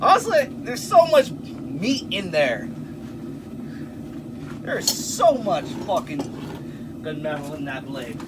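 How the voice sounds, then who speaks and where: A man's voice: on the high side, very animated, slow, pauses often, background noise. A man vlogging in his workshop while he works, joking around, exclaiming often and swearing a lot. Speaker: swordsmith. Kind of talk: casual workshop vlog.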